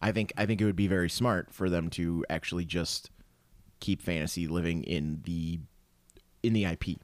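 A man in casual chat, swearing freely and telling stories with animated energy. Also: low-pitched, moderate pace, no echo. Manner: profane, animated storytelling.

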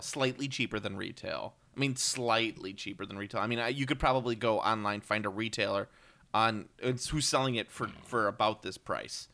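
A man's voice: medium pitch, pushed and bright. A man co-hosting a casual podcast chat, rambling with ums and self-corrections and cracking wry jokes. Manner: wry, joking. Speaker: podcast co-host.

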